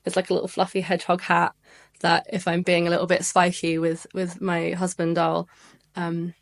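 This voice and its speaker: A woman's voice: fairly low pitch, completely flat delivery, moderate pace. A woman, a relationship coach, talking playfully in a casual podcast conversation and laughing at herself.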